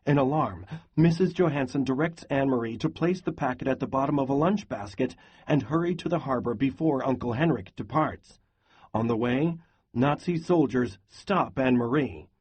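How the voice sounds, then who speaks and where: A man reading a novel aloud in a steady, even voice for a class lesson. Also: mid-range voice, normal speed, slightly rough, muffled recording. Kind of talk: read-aloud lesson narration.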